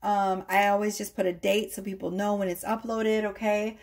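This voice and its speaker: A woman's voice: medium pitch, level tone, moderate pace, darkish tone. Chatty woman tarot reader. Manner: chatty, rambling, keeps checking in with "okay?". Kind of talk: casual chat to viewers.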